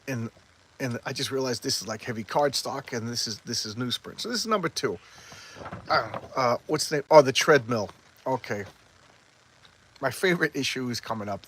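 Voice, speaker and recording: A man casually walking through a comic book issue, rambling and halting with lots of restarts, openly enthusiastic about the panels he loves. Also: mid-range voice, a bit bright, poor audio. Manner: rambling, halting, stumbles over words. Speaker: comic book collector reviewing back issues. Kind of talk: casual comic review chat.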